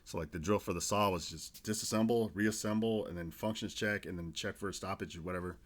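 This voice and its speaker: Brief: low-voiced man in his 40s, army veteran guest, swears freely while spinning casual podcast stories. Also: fairly even intonation, fast. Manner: loose, profane storytelling with restarts. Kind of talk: casual storytelling podcast chat.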